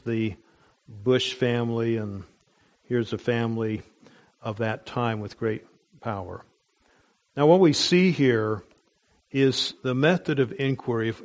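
A middle-aged man teaching a Bible study sermon, deliberate, with frequent pauses and restarts. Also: mid-range voice.

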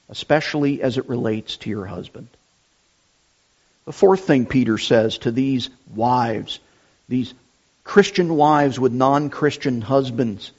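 A middle-aged man preaching a sermon, deliberate and emphatic, repeating his key phrases. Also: medium pitch, a little mellow. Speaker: pastor. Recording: dull lo-fi sound.

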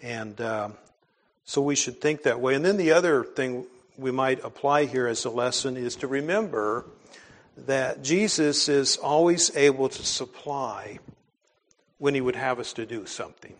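An earnest man preaching in a church, his voice pitched squarely in the middle range. He talks in a plain, conversational way, reads scripture aloud, and often lets his phrases sink off quietly. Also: unhurried. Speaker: pastor. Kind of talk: conversational sermon with scripture reading.

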